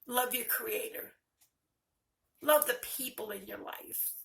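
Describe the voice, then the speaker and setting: An older woman speaks straight to her viewers in a personal video, candid and earnest. Her voice is bright, and the talk feels close and confessional. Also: a little high, takes it slowly, gravelly, long pauses. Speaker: vlogger.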